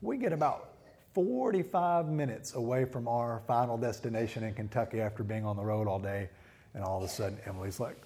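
A middle-aged man delivers a sermon in a gravelly, medium-pitched voice. He tells stories and brings the quoted lines to life with animated voices. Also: fairly quick. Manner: storytelling with animated acted-out quotes. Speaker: pastor.

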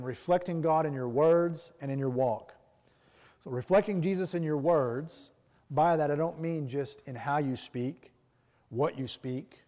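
A man preaching a morning sermon, earnestly repeating his key lines and swelling to emphatic peaks between quieter stretches. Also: a little high, big-room sound. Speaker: pastor.

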